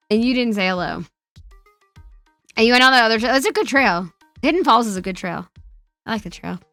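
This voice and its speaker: A woman's voice: medium pitch, bright, forceful tone, no room sound. A woman streamer in casual live-stream chat, reading viewer questions aloud and answering with profane, teasing banter. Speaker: streamer host.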